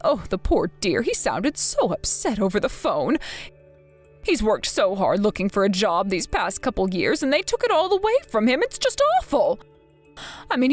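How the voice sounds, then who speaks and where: A woman voicing a whiny, manipulative older mother who pleads and guilt-trips in an animated story. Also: on the high side. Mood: self-pitying.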